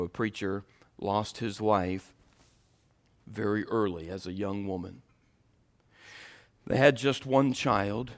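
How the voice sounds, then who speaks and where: A man preaching an Easter sermon, moving between hushed storytelling and fervent, raised passages. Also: fairly low pitch. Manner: dynamic preaching, swinging from hushed to shouting.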